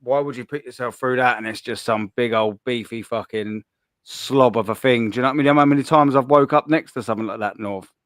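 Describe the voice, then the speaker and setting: A man's voice: medium pitch, steady tone, fast, a bit bright, dry recording, clean studio sound. A young man joking crudely with his co-host in a casual podcast chat. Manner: crude, jokey banter.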